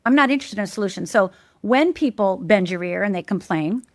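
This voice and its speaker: A woman appears as a guest life coach in an animated interview, speaking emphatically like a teacher and repeating key words. When quoting people, she jumps high in pitch to mimic them. Her pace is quick and the recording is dry.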